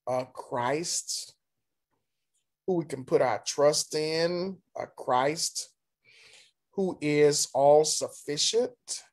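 His voice sits on the high side as this man, a pastor, reads scripture to a Sunday school class and explains it carefully, pausing and restarting as he goes.

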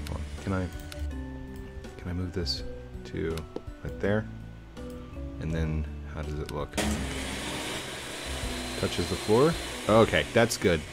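A man with a deep, low-pitched voice narrates his gameplay in a relaxed, unhurried way. He chats to himself and his viewers and tosses in playful little sound words. Faint music plays behind him. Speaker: YouTube gamer. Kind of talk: casual let's-play commentary.

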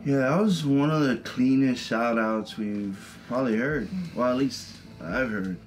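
A man's voice: mid-range voice, unhurried, a little hiss or hum. A young man co-hosting a reaction video, bantering and teasing his partner with frequent laughs. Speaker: co-host of a reaction channel. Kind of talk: casual reaction chat.

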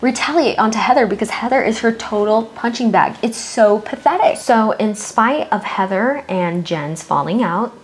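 A woman's voice: fairly high pitch, lively intonation, normal speed, hardly any pauses. A woman giving an opinionated, casual gossip recap of a reality show, chatty and swearing freely. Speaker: recap vlogger.

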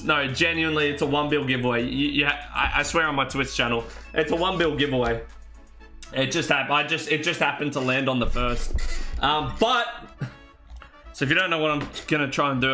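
A man's voice: a little high, pushed and bright. A man streaming a video game, chatting casually with his live chat, reading messages aloud and laughing often.

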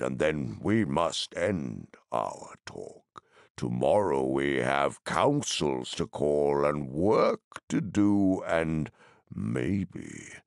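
A man reading an audiobook, voicing an ancient, slow-spoken male tree giant in a deep, creaky rumble. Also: dry recording, clean studio sound, exaggerated voice. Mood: musing. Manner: slow, ponderous, sorrowful.

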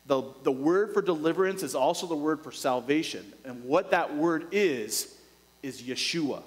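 Male pastor, sermon, fairly high voice, long church reverb, hushed to urgent delivery. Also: animated, moderate pace. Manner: dynamic preaching, dropping to a hush then rising to urgent lines.

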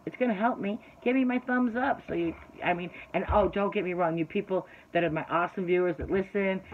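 A woman's voice: lowish voice, narrow, tinny audio, a little hiss or hum. Chatty woman unboxing a craft haul. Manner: rambling, talks to viewers, slips into an exasperated rant. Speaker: craft vlogger and shop owner.

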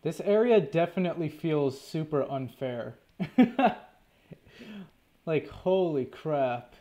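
A man's voice: fairly high pitch, measured pace, warm tone. A man casually commentating his own gameplay, talking to himself, stressed, annoyed and swearing often. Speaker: gaming channel host. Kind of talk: casual let's play commentary.

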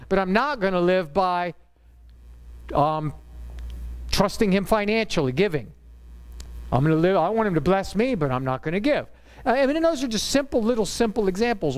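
A man's voice: sits high, moderate pace, pauses often. A middle-aged man preaching a sermon as pastor, telling stories in an emphatic, conversational way. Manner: animated storyteller, emphatic and conversational.

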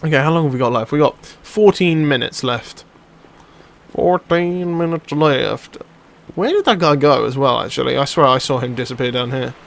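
A young man giving live commentary over his own gameplay, chatty and excitable, swearing and shouting at the players on screen. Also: medium pitch, moderate pace, gravelly. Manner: excitable, swears and yells at the game. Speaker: let's play commentator.

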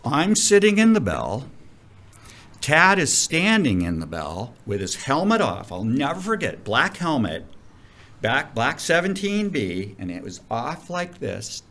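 A middle-aged man, a commercial diving instructor, telling stories in a casual interview, animated and profane. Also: mid-range voice, unhurried. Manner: animated, profane, vivid storyteller.

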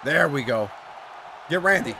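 A young man giving loud, excitable let's-play commentary, swearing and shouting at the game. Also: fairly high pitch, a little slow, gravelly, a crowd in the background, background noise. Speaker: gaming commentator.

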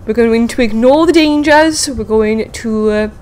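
A woman hosting a casual game video, chatting excitedly to viewers and talking to the creatures she meets. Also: fairly high pitch, unhurried. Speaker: gaming video host. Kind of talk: casual let's-play commentary.

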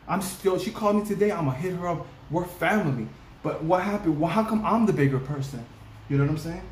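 A reaction video co-host with a slightly high voice talks casually and emotionally, on the verge of tears. His intonation is lively and his pace fairly quick, and he's raw and heartfelt, repeating himself for emphasis. The audio has a roomy echo and faint background noise.

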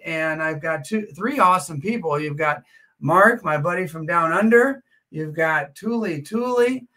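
A man hosting a live auction stream from home, chatting casually with plenty of "uh" fillers. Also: high-pitched. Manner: chatty, relaxed, frequent "uh" fillers. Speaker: livestream auction host. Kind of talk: casual livestream chat.

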